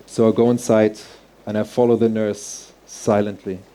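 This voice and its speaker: A man's voice: fairly low pitch, flat delivery, moderate pace, dark tone. Earnest man telling a heartfelt story. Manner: earnest, heartfelt, vivid present-tense storytelling. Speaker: speaker. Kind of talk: personal storytelling talk.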